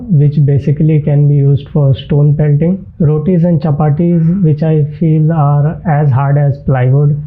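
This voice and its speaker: A young man with an Indian English accent, telling a sit-down comedy monologue in a deadpan, exaggerating way. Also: fairly high pitch. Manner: deadpan storytelling with absurd exaggeration. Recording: tinny narrow-band sound.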